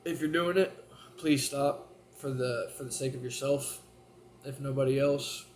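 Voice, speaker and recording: A man's voice: mid-range voice, a little slow. Rambling, profane storytelling man. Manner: rambling, profane, full of restarts. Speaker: vlogger. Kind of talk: casual storytelling to camera.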